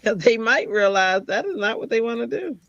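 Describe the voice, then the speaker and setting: A teacher shares a personal story in relaxed conversation, animatedly acting out the people she quotes with jumps in pitch. Her voice is creaky and a little quick, and the audio sounds dull.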